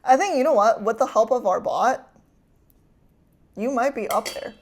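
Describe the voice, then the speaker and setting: A woman's voice: on the high side, expressive, moderate pace, darkish tone, a little hiss or hum. A woman streamer chatting casually with her chat while cooking, teasing and laughing often.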